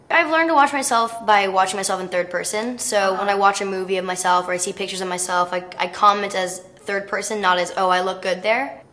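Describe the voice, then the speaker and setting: Chatty teen girl. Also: medium pitch. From United States. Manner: chatty and animated, with many fillers like "um" and "like". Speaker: actress interviewee. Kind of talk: casual interview anecdotes.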